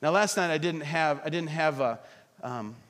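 A middle-aged man preaching a sermon as pastor, animated, often acting out quoted voices. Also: on the high side, normal speed. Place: church hall. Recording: reverberant hall.

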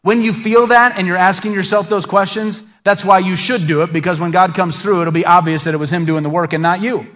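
A middle-aged man preaching a sermon as a pastor, conversational and animated, acting out little asides. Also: high voice, brisk, few pauses.

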